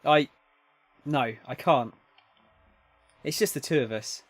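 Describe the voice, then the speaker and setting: A man's voice: mid-range voice, slow pace, no room sound. A man voicing a flustered young male researcher who hesitates and stammers.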